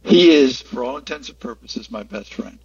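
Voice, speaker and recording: A man's voice: mid-range voice, expressive, normal speed, a little hiss or hum. A man as an interview guest, explaining his faith earnestly in casual conversation. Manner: earnest, explanatory, many restarts. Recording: distant, muffled lo-fi audio.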